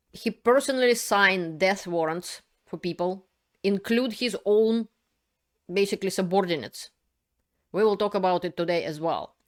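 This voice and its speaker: A woman with a fairly low voice talks straight to her viewers as host of a political commentary channel. Her delivery is unscripted and a little halting, explaining each point as she goes in a casual spoken style.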